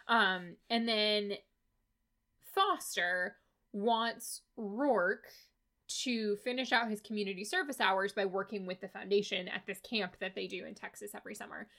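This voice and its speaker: A woman's voice: mid-range voice, fairly even intonation, measured pace, gravelly, pushed and bright. A woman co-hosting a podcast, recapping a book in casual chat with an exasperated, sarcastic and profane manner. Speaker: podcast co-host reviewing a book.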